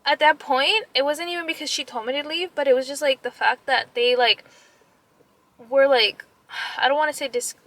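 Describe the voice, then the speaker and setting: Young mom venting on her vlog, high bright voice, lots of "like", switches into spanish bits. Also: normal speed. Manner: animated retelling, many "like" fillers, drops Spanish phrases; upset and emotional. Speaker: vlogger. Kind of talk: casual storytime vlog.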